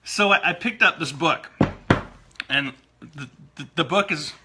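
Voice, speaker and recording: A man's voice: on the high side, a little slow, noisy background. A man co-hosting a casual talk show about marriage, self-deprecating and laughing often. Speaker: co-host and producer. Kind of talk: casual chat.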